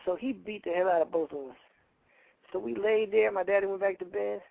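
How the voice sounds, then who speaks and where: A man's voice: sits high, fairly quick, vocal fry, a little mellow, low-quality recording. A man co-hosting a radio show, telling a story casually in a rambling, colloquial way and repeating his phrases.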